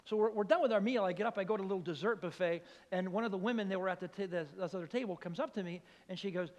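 An older man preaches in a church, spinning a funny story and throwing himself into every voice. His voice sits high, and a long reverb trails after him. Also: racing, hardly any pauses. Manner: animated comic storytelling, acts out voices. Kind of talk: storytelling sermon.

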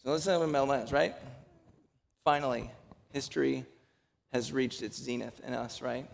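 A man's voice: mid-range voice, normal speed, vocal fry. A man preaching a sermon as pastor to a congregation. He jokes in a conversational way, then presses his point with emphatic exhortation. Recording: long hall reverb.

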